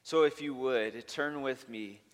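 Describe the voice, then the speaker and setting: A man preaching a sermon at an unhurried, deliberate pace. He talks earnestly and with emphasis, building long lists point by point. His voice carries the long reverb of a large church sanctuary. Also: medium pitch. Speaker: pastor.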